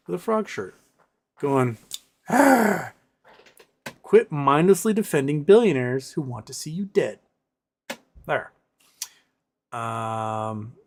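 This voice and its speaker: A man in his forties from the United States hosting a livestream, casually ranting with sarcasm and reading chat questions aloud. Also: fairly high pitch. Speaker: livestream host.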